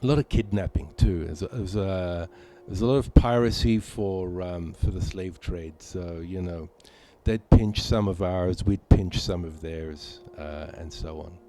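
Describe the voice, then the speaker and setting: A man's voice: low-pitched, a little slow, hardly any pauses, dark tone. A man from Malta chatting casually with viewers while playing a game on a live stream, rambling with many fillers. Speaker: gaming streamer.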